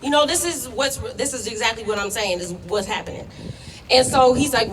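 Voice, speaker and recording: A woman's voice: a little high, fairly quick. Young woman speaking out at a protest. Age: young adult. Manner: emotional, worked up, blunt. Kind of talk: impassioned rally speech. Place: outdoor protest. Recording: distant, echoey, faint noise.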